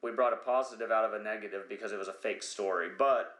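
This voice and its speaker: A man's voice: fairly low pitch, fast talker, a bit bright, reverberant. A man hosting a podcast, talking in a rambling, profane comedic monologue who sometimes loses his train of thought. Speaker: podcast host.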